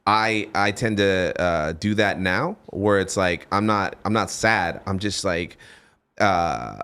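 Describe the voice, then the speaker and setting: A man's voice: low-pitched, slow pace, fairly bright tone, clear, resonant tone. A man in his forties hosting a podcast, talking candidly and rambling with frequent restarts. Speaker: podcast host. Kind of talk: casual podcast chat.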